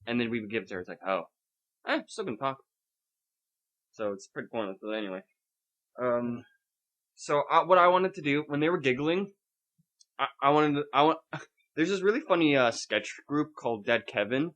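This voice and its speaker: A man with a mid-range voice and a fairly quick delivery hosts a podcast. He rants about a movie night in loose conversation, cursing liberally and telling the tale with animation.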